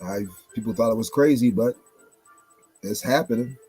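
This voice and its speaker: Blunt husky man, swearing monologue. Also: mid-range voice, normal speed, dark tone, soft background music. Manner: emphatic and blunt, swears, repeats for stress. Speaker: commentary show host. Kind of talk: casual monologue.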